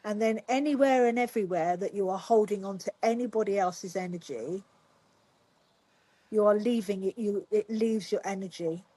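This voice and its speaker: Calm Reiki teacher, female; mellow, husky, dry close sound. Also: medium pitch, normal speed, dry recording. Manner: calm, explanatory, guiding. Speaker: Reiki master teacher guest. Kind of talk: podcast conversation.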